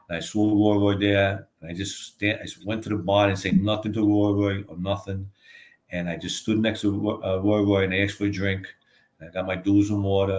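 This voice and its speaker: An older man, telling stories as a guest, rambling and swearing freely. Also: on the low side. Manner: rambling, profane, many "you know what I mean". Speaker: guest, author. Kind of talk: casual storytelling.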